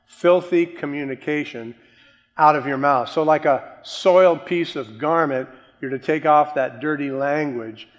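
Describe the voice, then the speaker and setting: A male preacher delivers an emphatic sermon at an ordinary middle pitch. He hits some words hard and lets others sink low and soft. His voice rings with the long reverb of a large hall. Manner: emphatic, swinging between loud stresses and quiet drops.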